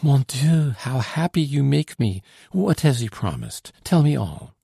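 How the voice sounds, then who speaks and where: A man's voice: medium pitch, big pitch swings, a little slow, gravelly, warm tone, slightly rough, no echo, studio quality, heavily acted. A man reading an audiobook, voicing an anxious young noblewoman with urgent, pleading questions. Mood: urgent, eager.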